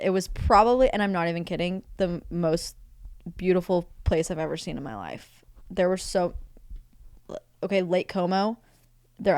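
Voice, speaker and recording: An animated young woman on a comedy podcast, emphatic and quick to laugh as she chats. Her voice is recorded close and completely dry, with no room echo. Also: lowish voice, clean tone. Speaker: podcast guest. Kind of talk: casual comedic banter.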